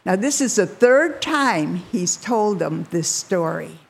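A woman retelling a Bible story to listeners, bringing the quoted characters to life with lively shifts in her voice. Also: slow, gravelly, husky. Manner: animated, voices characters with rising pitch.

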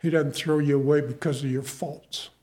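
A man's voice: fairly high pitch, steady tone, normal speed, a little mellow. A male pastor preaching a sermon to his congregation in a folksy manner, repeating key phrases for emphasis.

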